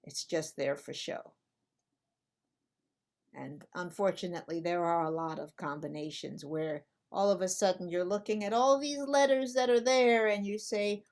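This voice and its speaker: A woman's voice: fairly low pitch, fairly even intonation, normal speed, a little mellow. A woman who speaks English as her first language, teaching at a whiteboard, patiently repeating a rule and asking playful questions. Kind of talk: slow, deliberate classroom explanation.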